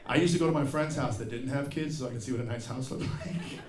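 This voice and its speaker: Onstage before a live audience, a fifty-something comic delivers a profane, exasperated rant, putting on voices to mock people. His voice is mid-range and fast, and the roomy venue echoes with crowd laughter.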